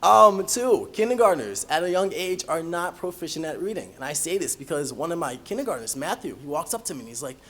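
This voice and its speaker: Give me a young college guy with a higher voice telling funny stories, self-mocking and animated. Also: brisk, few pauses. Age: young adult. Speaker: college student volunteer. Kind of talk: humorous personal storytelling.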